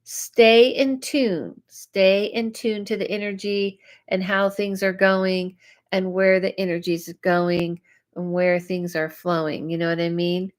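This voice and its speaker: A woman's voice: on the low side, monotone, a little slow. A woman psychic host giving live readings, chatty and reacting to viewer comments aloud. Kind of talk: live-stream reading chat.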